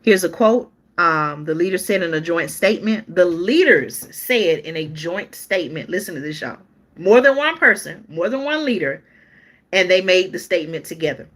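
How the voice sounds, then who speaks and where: Bright-voiced woman hosting live news chat. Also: on the low side, animated, normal speed. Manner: chatty, talks straight to viewers, stops to restart and look things up. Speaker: live-stream news host. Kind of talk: casual live-stream news commentary, reading articles aloud.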